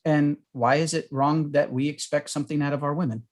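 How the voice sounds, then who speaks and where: Guy with a kinda higher voice, cohosting, easygoing chat. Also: steady tone, fairly quick. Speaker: podcast co-host. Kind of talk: casual chat.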